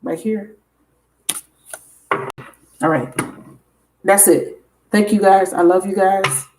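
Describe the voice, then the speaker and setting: Woman tarot reader, casual to camera, excitable and foul-mouthed, speaking in a mid-range voice. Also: medium pitch, slow pace, noisy background. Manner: excitable, emphatic, swears freely, addresses viewers directly.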